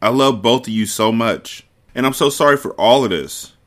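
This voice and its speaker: A man's voice: mid-range voice, normal speed, fairly bright tone, natural voice. A man reading the part of a fierce, protective aunt, firm and urgent with a tender edge, in a storybook reading. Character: fierce grieving aunt, protective young woman.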